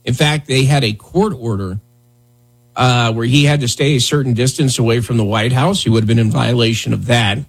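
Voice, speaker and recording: A man's voice: mid-range voice, steady tone, fairly quick, breathy edge, poor audio. A man hosting a morning radio show, talking loosely with a joking, sarcastic edge. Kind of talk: casual morning radio talk. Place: radio studio.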